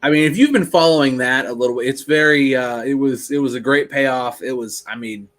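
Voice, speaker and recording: A man with a mid-range, brisk, slightly bright voice co-hosts a casual wrestling podcast. He talks in rambling bursts full of restarts and fillers, and he sounds a bit tongue-tied.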